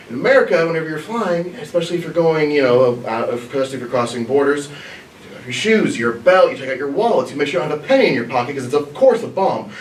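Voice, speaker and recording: A man's voice: on the high side, slight background noise. A young man from Missouri in the US tells a comedic story onstage in a small theater, laughing at his own story. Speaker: improv performer telling a story. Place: small black box theater. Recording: echoey theater, from far off.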